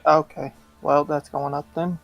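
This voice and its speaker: A man's voice: a little high, little pitch movement, measured pace, vocal fry, dull audio, faint music behind. A man playing in a tabletop game, asking the game master questions about the rules and calling out his rolls. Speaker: player. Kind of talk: casual chat at a game table.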